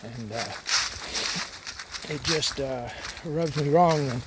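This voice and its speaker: A man's voice: mid-range voice, slow. A man vlogging as he hikes a mountain trail, talking in a rambling, easygoing way with lots of "uh" fillers. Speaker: long-distance hiker vlogger. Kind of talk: casual vlog monologue. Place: outdoors on a mountain hiking trail. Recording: outdoor noise behind the voice.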